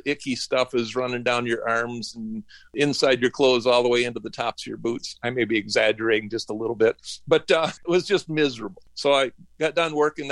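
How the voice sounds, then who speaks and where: A man's voice: medium pitch, a bit bright, no echo. A middle-aged man from northern Michigan, an interview guest telling rambling, folksy stories about his working life and acting out the dialogue. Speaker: interview guest, woodworking business owner. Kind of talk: casual storytelling interview.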